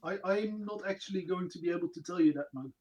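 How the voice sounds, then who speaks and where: A man playing in a tabletop game, asking quick questions and joking with the table. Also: sits high, crowd noise. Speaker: player. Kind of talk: casual tabletop play.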